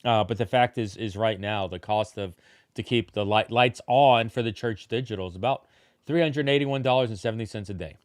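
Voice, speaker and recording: A man's voice: on the low side, a little fast, no echo, clean studio sound. A man co-hosting a church livestream in casual chat, often restarting words and making joking asides. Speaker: livestream co-host. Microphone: livestream setup.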